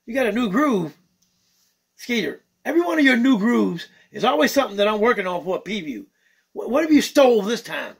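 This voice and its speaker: A man's voice: high voice, very animated, brisk, creaky, slightly rough, recorded from a distance. Laid-back male funk musician. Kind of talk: casual explanation to viewers.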